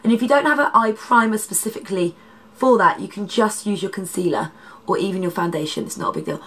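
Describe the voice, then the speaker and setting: A woman, a makeup artist, chatting through a makeup tutorial with a congested, nasal, slightly husky voice and rambling asides. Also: medium pitch, fairly quick, fairly bright tone. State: congested, nasal from hay fever.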